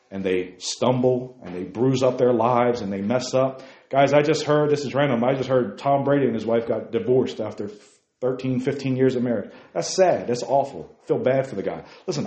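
A man's voice: medium pitch, warm tone, highs cut off. Fervent man preaching in an echoey room. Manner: fervent, emphatic, repeats key phrases; admits he preaches fast. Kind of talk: sermon to a youth group. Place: meeting room.

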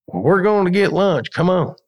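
A man voicing a gruff, scolding old stonemason. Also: sits high, lively intonation, moderate pace, pitched above the performer's own voice.

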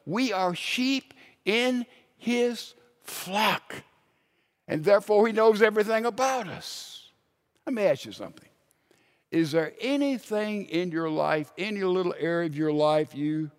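A man preaching a sermon, telling stories and dropping from loud emphasis to a hushed voice. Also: sits high, measured pace. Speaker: pastor.

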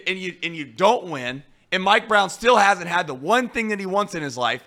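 A male sports talk host argues his case in a studio with a somewhat high voice. His tone is bright and forceful, and he builds his points through what-if questions. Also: expressive, normal speed, gravelly, few pauses. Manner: argumentative, poses hypotheticals.

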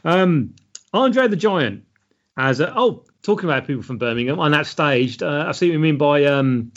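A man chats casually as co-host of a film podcast, reading out trivia in a dry, matter-of-fact way. His voice sits a little high for a man. The recording sounds muffled and lo-fi. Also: expressive, moderate pace. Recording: dull lo-fi sound.

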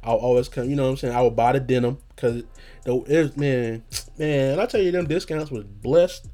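A man with a dark, mellow tone, hoarse from just waking up, rambles through a laid-back story with laughs and constant asides. Faint music plays behind him. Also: medium pitch, brisk. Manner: rambling, laughing, peppers talk with "you know what I'm saying". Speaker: podcast host. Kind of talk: casual storytelling monologue.

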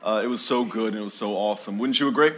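A man in his thirties or forties preaches a playful sermon in a church hall, joking with the live congregation and calling for their responses. His voice is fairly low and racing, with heavy background noise.

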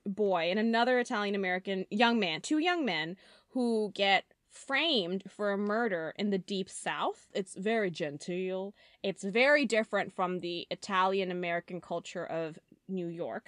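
A woman's voice: mid-range voice, a bit bright, dry recording. A woman co-hosting a casual podcast, with dry, playful humor and frequent fillers. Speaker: podcast co-host. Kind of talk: casual chat.

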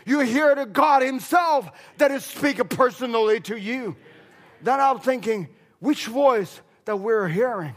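High-voiced fervent male preacher. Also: unhurried. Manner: fervent, repetitive preaching with broken English. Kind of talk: sermon.

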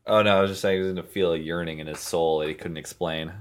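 Young man, co-host, very low pitch, laid-back, casual chat. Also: fairly even intonation, fast talker, clear, resonant tone. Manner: laid-back, frequent short agreements. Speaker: podcast co-host.

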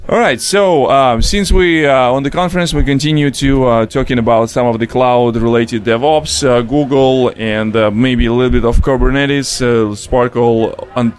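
A man with a Russian accent hosts a casual podcast at a conference. He talks haltingly, leaning on fillers between phrases. Faint music sits under his mid-pitched voice. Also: clean tone. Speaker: podcast host. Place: conference venue.

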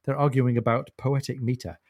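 Man, podcast co-host, thoughtful explainer, mid pitch, dry close mic. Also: fairly even intonation, fairly quick, a little mellow, dry recording. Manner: thoughtful, explanatory, chuckles often. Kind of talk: casual book discussion.

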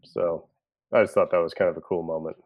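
A man's voice: deep voice, little pitch movement, a little fast, highs cut off. A man co-hosting a casual podcast chat, musing aloud with many fillers. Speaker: podcast co-host.

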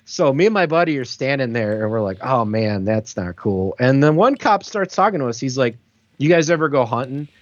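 A man in his thirties tells a long story in a loose, rambling way, packing it with fillers. His voice sits at an average pitch. The sound is dry and slightly muffled, like a modest home recording. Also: expressive, fairly quick, no echo. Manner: rambling, many "like" fillers, laughs through the story. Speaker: podcast co-host. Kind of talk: casual storytelling chat.

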